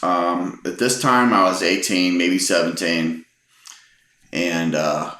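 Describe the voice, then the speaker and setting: A man's voice: low-pitched, pushed and bright. A middle-aged man from Texas telling personal anecdotes in a casual, rambling way with frequent ums and restarts. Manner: rambling, hesitant, many ums. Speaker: storyteller. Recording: echoey room.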